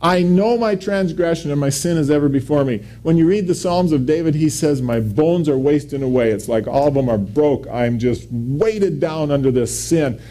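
Mellow-voiced man preaching emphatically. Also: moderate pace, few pauses. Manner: emphatic preaching, pitch rising on quoted scripture. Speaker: pastor. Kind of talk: sermon.

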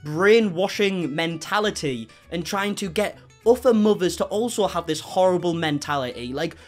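A man's voice: high voice, animated, moderate pace, soft background music. A man doing reaction commentary, sarcastic and incredulous, swearing often. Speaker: commentary YouTuber.

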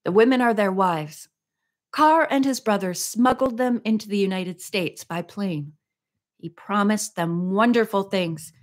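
Woman voicing an older male translator, fearful, anxious, pleading, raised pitch, storybook reading. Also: unhurried, lightly acted. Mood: grave.

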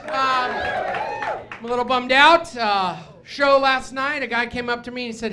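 A man's voice: very high voice, normal speed, pushed and bright, echoey room. A young man from New Mexico doing a stand-up set on a club stage, with punchy jokes and asides to the crowd. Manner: punchy joke delivery with fillers and crowd asides. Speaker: stand-up comedian. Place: comedy club stage with laughing audience. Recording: live club recording with crowd noise.

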